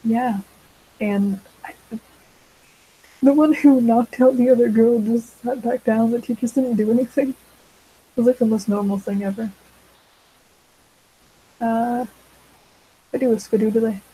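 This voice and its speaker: A woman's voice: a little high, fairly even intonation, a little slow, long pauses, mellow, slightly rough, low-quality recording. A teenage girl chatting casually while she draws, rambling with many fillers and side tracks. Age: teens. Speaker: vlogger.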